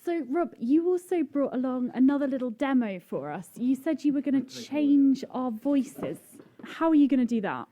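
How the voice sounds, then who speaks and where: A woman co-presenting a live science show, asking lively, teasing questions of guests and children. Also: high-pitched, moderate pace, few pauses. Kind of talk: live audience hosting.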